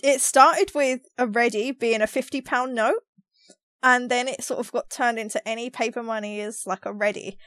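A woman's voice: on the high side, fairly even intonation, normal speed, fairly bright tone, no echo. A woman from England with a London Cockney accent, co-hosting a podcast in casual chat, laughing often as she explains things with examples. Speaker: podcast co-host.

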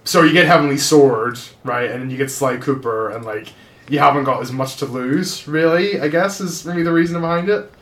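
A man talks in loose, casual podcast chat. He jokes and swears freely at a middling pitch. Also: normal speed, fairly bright tone. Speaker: podcast co-host.

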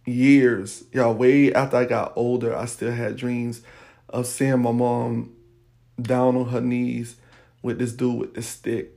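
Gravelly-voiced man telling his story. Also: mid-range voice, little pitch movement, slow, dark tone. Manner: candid, addresses listeners directly. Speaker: podcast host. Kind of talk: personal storytelling.

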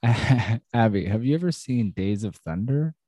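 A man's voice: on the low side, animated, a little slow, mellow, no echo. A man hosting a podcast in casual, loose banter, swearing and laughing easily. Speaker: podcast host.

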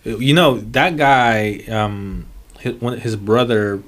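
Rambling low-voiced man chatting sports. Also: takes it slowly. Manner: rambling, many fillers and restarts. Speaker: podcast host. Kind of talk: casual sports chat.

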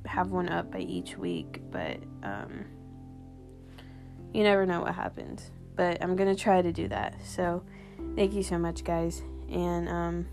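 Candid young woman podcaster, soft guitar behind. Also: on the low side, animated, unhurried, vocal fry. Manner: candid, rambling, heavy use of "like" and swearing. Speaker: podcast host. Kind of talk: casual personal podcast monologue.

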